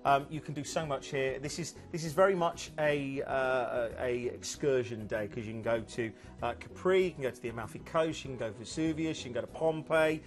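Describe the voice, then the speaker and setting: A man's voice: medium pitch, steady tone, a little fast, hardly any pauses. A man presenting cruise holidays on a TV sales show, chatty and upbeat with lots of fillers. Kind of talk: enthusiastic sales chat.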